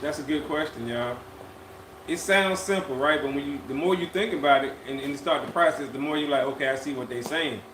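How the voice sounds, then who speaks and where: Chatting casually on a live stream, this podcast co-host has a fairly bright voice on the high side, with slight background noise. He's relaxed and drawn-out, tends to repeat himself, and the echoey room carries a faint ambience.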